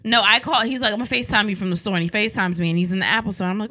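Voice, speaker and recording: A woman telling a story in casual chat, animated and profane, acting out quotes. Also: a little high, very fast, gravelly, hardly any pauses, no room sound.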